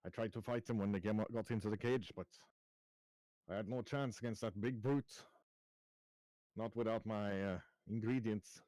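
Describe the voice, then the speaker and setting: Gruff cursing traveler, low voice, dry sound; a game master putting him on. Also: male voice, steady tone, moderate pace, pauses often, warm tone, dry recording, close to an everyday voice, rough recording. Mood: grumbling. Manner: sprinkles German-style curses into his speech. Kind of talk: tabletop role-play voice.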